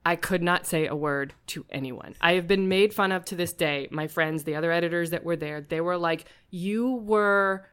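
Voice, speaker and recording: Lively woman telling a story. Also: fairly low pitch, fairly quick, hardly any pauses, smooth. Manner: animated, acts out quoted voices. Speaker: podcast guest. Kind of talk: casual storytelling.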